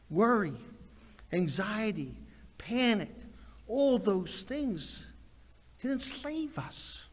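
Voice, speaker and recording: A man preaching a sermon, animated, swinging between loud declarations and hushed asides. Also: high-pitched, long reverb tail. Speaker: pastor.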